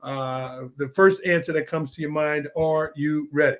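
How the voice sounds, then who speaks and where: Man, podcast host, enthusiastic, encouraging, video call, high pitch. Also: steady tone, normal speed. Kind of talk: casual podcast interview.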